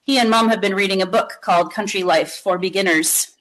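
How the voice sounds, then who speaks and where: A woman's voice: medium pitch, brisk, fairly bright tone, poor audio. Woman reading a children's book aloud. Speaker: author reading.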